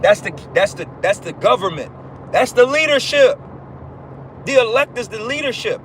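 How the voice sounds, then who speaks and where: A man's voice: sits high, lively intonation, moderate pace, fairly bright tone, slight background noise, poor audio. A man giving an informal livestream sermon, emphatic and repetitive, swearing casually as he preaches.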